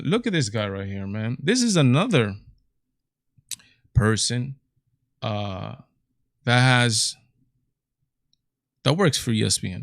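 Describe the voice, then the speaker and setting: A man's voice: medium pitch, a bit bright, dry recording, clean studio sound. A man hosting a reaction commentary video, talking in incredulous bursts with repeated exclamations. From Latin America.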